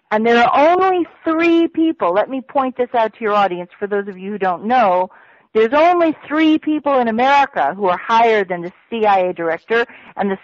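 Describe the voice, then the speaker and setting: A woman's voice: fairly high pitch, dry recording. A woman guest on a radio interview, telling her story bluntly and emphatically. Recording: muffled radio audio, dry.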